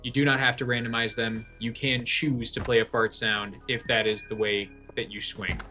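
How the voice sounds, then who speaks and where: A man's voice: mid-range voice, level tone, moderate pace, sharp tone, soft background music. A man streaming a farming game, chatting casually and jokingly with viewers in a rambling way full of fillers and restarts. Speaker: livestreamer. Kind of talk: casual livestream chat.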